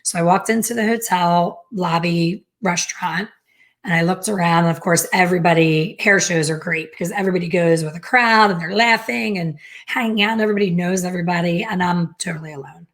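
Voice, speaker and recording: Animated storytelling woman, lowish voice. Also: a little fast. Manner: lively, animated, acts out quoted dialogue. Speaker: hair color educator. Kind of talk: personal storytelling to camera.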